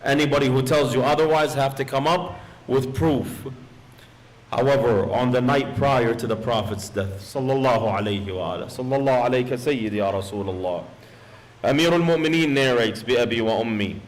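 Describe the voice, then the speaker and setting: A man's voice: medium pitch, fairly quick, poor audio. A man preaching as a sheikh in a mosque, telling a solemn story and slipping into quoted Arabic phrases. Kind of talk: sermon.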